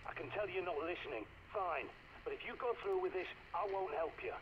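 Stern survivalist mentor in a game, bitter and preachy; dull, noisy sound. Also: male voice, high-pitched, animated, brisk. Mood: scornful. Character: grim bitter older male survivalist mentor. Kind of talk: video game voice acting.

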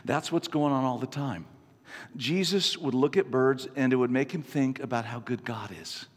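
A man in his fifties preaching a sermon, an animated, self-mocking storyteller. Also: mid-range voice, normal speed. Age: 50s. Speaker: pastor. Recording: long reverb from a large hall.

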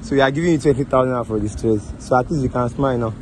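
A man's voice: medium pitch, rapid-fire, background noise. A man with a Nigerian accent hosting a prank video outdoors, repeating himself in an apologetic, soothing way and laughing often. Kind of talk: casual prank banter.

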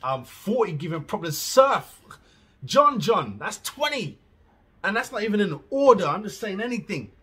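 Husky man ranting bluntly. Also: sits high, big pitch swings, normal speed, soft background music. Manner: blunt, swears freely, swings from muttering to loud outbursts. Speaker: reaction vlogger. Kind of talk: casual reaction rant.

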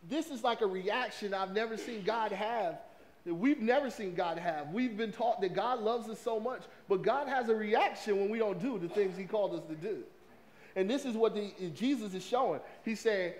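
A man from the South, preaching a lively, conversational sermon to his congregation. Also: high-pitched, slight background noise. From American South. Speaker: pastor.

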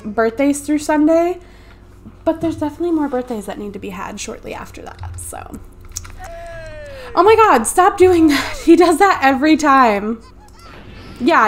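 A woman hosting a let's play, chatty and narrating each move on a USB desktop mic. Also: fairly high pitch. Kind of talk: casual gameplay commentary.

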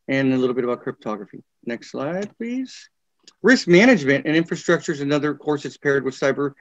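A man presenting courses in a webinar, reading descriptions with frequent fillers and pauses. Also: a little high, dry recording. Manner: halting, many fillers, reads course descriptions. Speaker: university program presenter. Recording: dull, dry lo-fi webinar audio.

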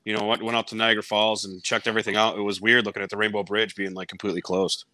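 Quick, sharp-voiced man chatting. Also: fairly low pitch, no echo, low-quality recording. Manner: chatty, relaxed anecdote teller. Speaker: podcast guest. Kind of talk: casual chat.

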